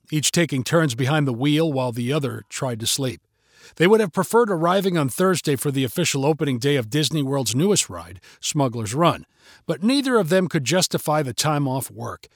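A man reads a story aloud in a steady, measured way, his voice sitting a little high for a man. He is on a close mic in a dry, dead space with no room sound. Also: no room sound. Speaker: narrator. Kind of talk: storybook narration.

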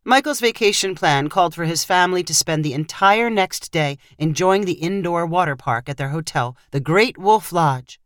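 A woman narrating a short story in a measured, even read. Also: fairly low pitch, no room sound, clean studio sound. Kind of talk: scripted narration.

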